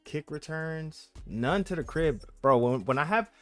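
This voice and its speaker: Excitable young man commentating a video game. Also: a little high, unhurried, soft background music. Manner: excitable, talks to the game, slangy. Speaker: gaming channel host.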